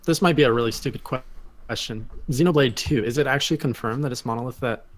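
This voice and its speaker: A man's voice: medium pitch, quick pace. A man speaking as a guest on a casual gaming podcast, hesitant and joking by turns.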